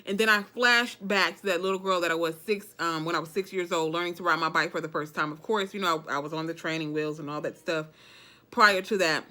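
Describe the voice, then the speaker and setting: A woman's voice: on the low side, a little fast, sharp tone. A woman from Alabama with a Southern accent, talking casually and emphatically to her viewers. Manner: chatty, emphatic, keeps saying okay, dialect grammar. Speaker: vlogger. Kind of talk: casual motivational talk to camera.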